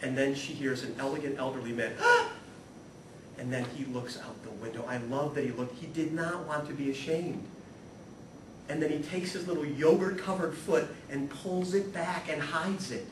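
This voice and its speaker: A man giving a humorous, animated spiritual talk to a live audience, acting out the people in his stories and swinging from hushed to loud. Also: a little high, normal speed. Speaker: guest speaker at a spirituality talk series. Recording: echoey room, voice from far off, audible noise.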